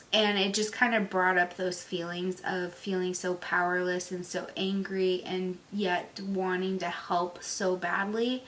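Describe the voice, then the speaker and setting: A woman talking casually about a book she read, telling it in an emotional, animated way with lots of fillers. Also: lowish voice, a little hiss or hum, rough recording. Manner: emotional, animated storytelling with many "like" and "you know". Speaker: book reviewer. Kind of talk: casual book review talk.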